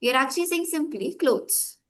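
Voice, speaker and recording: A woman with a fairly high voice explains pronunciation to a host. She speaks patiently and conversationally, often saying "yeah" and "like". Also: moderate pace, fairly bright tone. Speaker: guest. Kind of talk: casual conversation about pronunciation.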